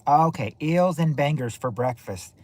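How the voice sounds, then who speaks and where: A man's voice: on the high side, expressive, unhurried, darkish tone, slight background noise. A man with a Southern US accent hosting a casual stream, rambling and repeating himself as he talks to his chat. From southern United States. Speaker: stream host.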